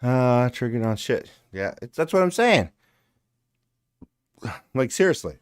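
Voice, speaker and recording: A man's voice: mid-range voice, big pitch swings, measured pace, clear, resonant tone. Profane man ranting on a livestream. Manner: profane, ranting, repeats himself. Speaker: livestream host. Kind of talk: casual livestream rant.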